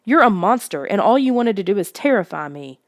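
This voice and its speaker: A woman's voice: medium pitch, very animated, brisk, dry recording, clean studio sound. A woman voicing a frightened young kid who stammers and pleads in a raised voice. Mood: frantic.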